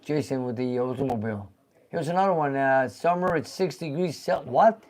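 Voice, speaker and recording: An older man hosting a casual live-stream show, reading viewer comments aloud and chatting in an animated way. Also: mid-range voice, moderate pace. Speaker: show host.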